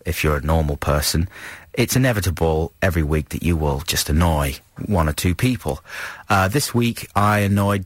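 Brief: male radio DJ, deep voice, dry close studio sound, rambling and self-mocking. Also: dry recording. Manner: rambling, self-deprecating, chuckling. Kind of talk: casual radio chat. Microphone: studio microphone.

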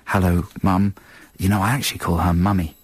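A man's voice: sits low, a little fast, slightly rough, no room sound. A man co-hosting a radio show, chatting casually with lots of laughter. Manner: chatty, lively banter with frequent laughs. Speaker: radio co-host. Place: radio studio.

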